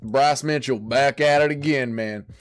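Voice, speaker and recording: A man's voice: medium pitch, unhurried, smooth, soft background music. A man with an Australian accent hosting a casual livestream, reading chat comments aloud and answering them in a blunt, crude, bantering way.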